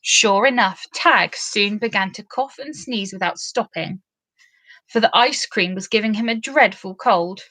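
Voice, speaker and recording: A woman reading a children's storybook aloud, expressive and lilting. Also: medium pitch, measured pace, no echo. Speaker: storybook reader.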